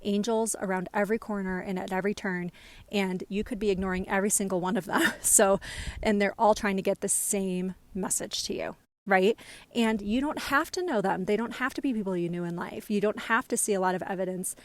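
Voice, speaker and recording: Brief: chatty woman medium, mid-pitched, talks through lessons in an easy storytelling way. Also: fairly quick, dry recording. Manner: chatty, animated, frequent "like" and "right?". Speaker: spiritual medium teaching.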